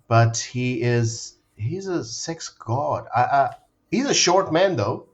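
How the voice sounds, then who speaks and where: A podcast host rambles through casual comedic chat, tripping over restarts and giggling. His mid-pitched voice comes through dull and muffled, as if caught on a webcam mic. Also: lively intonation, takes it slowly.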